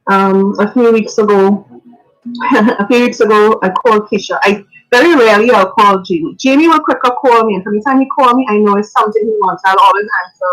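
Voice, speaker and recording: Woman, radio guest: earnest, reflective, faith-filled, mid-pitched. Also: a little fast, fairly bright tone, rough recording. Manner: earnest, reflective, sometimes laughing; faith-filled, preacher-like phrasing. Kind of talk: spoken radio tribute.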